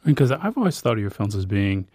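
Low, halting male interviewer. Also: very animated, mellow, slightly rough, dry recording, studio quality. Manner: halting, rambling questions with restarts. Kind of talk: interview questions.

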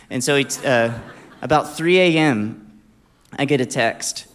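A man's voice: mid-range voice, quick pace. Man telling a story, laughing as he goes. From Alabama. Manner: animated, laughs often while telling. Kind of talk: casual anecdote storytelling.

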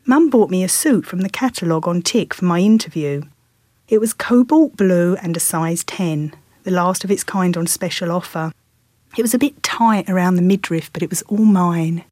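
A woman's voice: on the low side, darkish tone, no room sound, clean studio sound. A middle-aged woman from London with a Cockney accent, telling a first-person story in a wry, self-mocking way. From London, England.

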